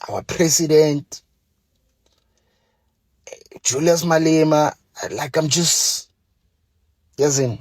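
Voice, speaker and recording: Man, South African accent, husky voice, fairly high pitch, angry profane rant, pleading. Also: very slow, long pauses, darkish tone, no echo. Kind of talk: angry direct-to-camera rant.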